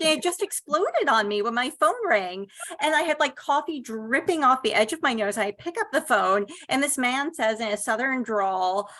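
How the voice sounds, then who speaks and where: Middle-aged woman author telling a lively story, kinda high pitched. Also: moderate pace. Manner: animated anecdotal storytelling. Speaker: novelist panelist. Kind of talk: panel discussion storytelling.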